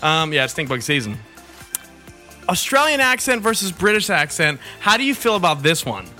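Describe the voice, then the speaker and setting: A man's voice: fairly high pitch, very animated, moderate pace, sharp tone, faint music behind. A young man co-hosting a casual chat who laughs often and swears freely while joking crudely. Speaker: podcast co-host.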